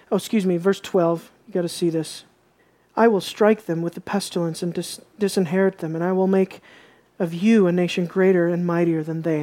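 A woman's voice: fairly low pitch, a little mellow. A woman preaching a sermon, reading scripture aloud with emphasis and asking her listeners questions.

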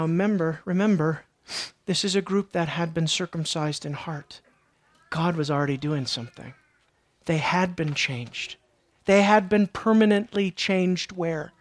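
A woman preaching a sermon with passion, dropping to a hush and then rising loud, at times out of breath. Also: lowish voice, no room sound, studio quality. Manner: impassioned, swings from hushed to loud.

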